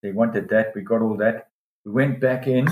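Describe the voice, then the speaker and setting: A man telling a long diving story in a casual interview, lively and excited when he quotes others. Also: moderate pace, phone-quality sound. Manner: animated, pitch jumps when quoting others. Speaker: dive guide telling a story. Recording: roomy echo.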